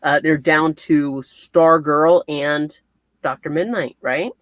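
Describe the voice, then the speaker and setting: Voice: mid-range voice, steady tone, slow, a bit bright, no room sound. Co-host in a casual chat recap. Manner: short agreeing interjections. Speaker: comic show co-host.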